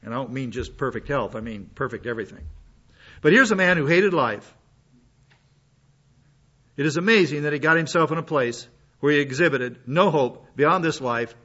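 A man's voice: mid-range voice, expressive, moderate pace, pauses often, sharp tone. A man preaching a sermon in a folksy, conversational way, full of asides, while he is sick with a cough. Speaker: pastor. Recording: dull lo-fi sound.

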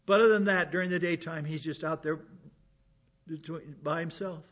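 A man's voice: fairly high pitch, fairly even intonation, moderate pace, a bit bright. Talkative man teaching scripture, lo-fi. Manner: conversational, repeats words, asks rhetorical questions. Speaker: Bible teacher. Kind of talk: informal Bible teaching.

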